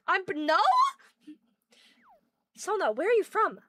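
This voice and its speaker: A young woman streamer chatting fast and bubbly with her live chat, greeting viewers. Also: extremely high pitch, big pitch swings, pushed and bright, no echo. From Canada.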